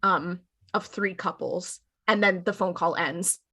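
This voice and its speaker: A woman's voice: on the low side, fairly even intonation, unhurried, pushed and bright. A woman co-hosting a podcast, recapping a TV episode in casual, filler-heavy chat. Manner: chatty, filler-heavy, retells scenes with quoted lines. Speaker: podcast co-host.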